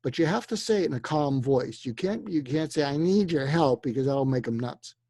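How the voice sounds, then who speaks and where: Older man coaching in a calm voice. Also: medium pitch, fairly quick, slightly rough, no room sound. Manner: acts out quoted dialogue in a calm coaching tone. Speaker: guest expert on persuasion. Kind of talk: conversational advice-giving.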